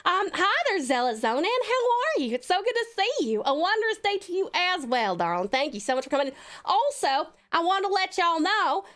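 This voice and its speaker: Brief: woman doing a high, lilting Southern drawl, folksy and doting. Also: fairly bright tone. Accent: Southern US, put on.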